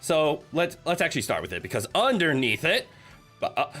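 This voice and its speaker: A male streamer who jokes with his chat, giggling and openly nervous. His voice sits fairly high and swings widely in pitch, with a bright, sharp edge to it. Faint music plays behind him. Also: wildly swooping pitch, normal speed. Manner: chatty, joking, talks to chat. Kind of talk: casual live-stream chat.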